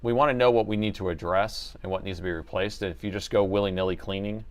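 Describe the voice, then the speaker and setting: A man's voice: low-pitched, fairly even intonation, fast. A man hosting a laptop repair livestream, chatting casually to viewers and laughing often as he works. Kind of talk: casual live repair chat.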